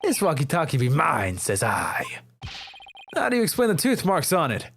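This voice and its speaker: A man voicing a gruff, boastful adult male pirate in a courtroom video game, growling his lines with old-timey pirate talk. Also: on the high side, huge pitch swings, moderate pace, a bit bright, a little hiss or hum, heavily acted. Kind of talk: reading a game's dialogue aloud in voices.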